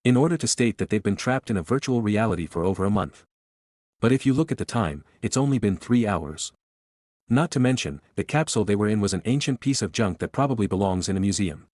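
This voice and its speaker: A man's voice: fairly low pitch, expressive, a little fast, darkish tone, no room sound, studio quality. A man voicing a grumpy, sarcastic young gamer who talks bluntly and with exasperation.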